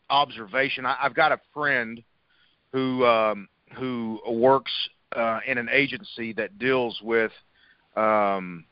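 A man's voice: mid-range voice, dry recording. A man interviewing a guest, casual and speaking with many fillers. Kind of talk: conversational interview. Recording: dry, dull lo-fi sound.

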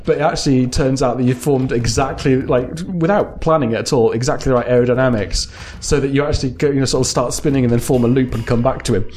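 A man's voice: mid-range voice, quick pace, few pauses, a little mellow. A man running a tabletop game as game master, narrating the scene with frequent laughs and restarts. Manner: laughing often, rambling with restarts.

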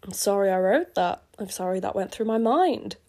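A woman's voice: mid-range voice, lively intonation, moderate pace, a little mellow. Giggly woman cringing at her own writing. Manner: giggly, self-mocking, cringing. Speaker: reader of her own old fan fiction. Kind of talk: embarrassed read-aloud commentary. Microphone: earphone listeners, close mic.

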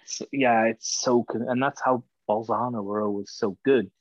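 A man's voice: medium pitch, fairly even intonation, moderate pace, no room sound, highs cut off. A man with a Welsh accent, chatting casually as a guest and telling stories with plenty of swearing. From Wales. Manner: laid-back storyteller who swears freely. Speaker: podcast guest, former hockey player. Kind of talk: casual chat.

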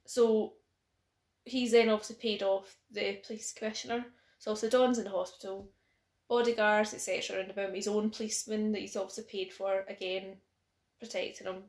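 A woman's voice: mid-range voice, level tone, brisk, darkish tone. Chatty Scottish woman, echoey room. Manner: chatty, retelling a film with hedging fillers. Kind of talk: casual chat.

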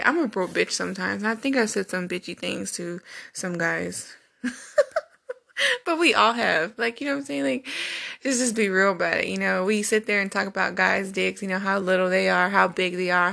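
A young woman hosts her own podcast, telling her stories straight to the mic in a loose, unscripted monologue. Her voice sits at a middle pitch with a steady gravelly fry running through it. She talks bluntly and profanely and laughs often. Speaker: podcast host. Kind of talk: casual storytelling monologue.

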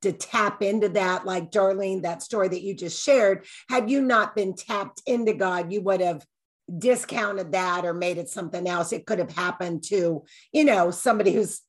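A woman hosting a casual faith chat on a video call, answering with calm reassurance. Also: mid-range voice, normal speed.

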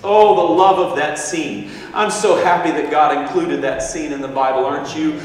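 A man's voice: a little high, fairly even intonation, moderate pace. A man preaching a sermon in a church with a fervent, exclaiming delivery, heard from far off in an echoey hall.

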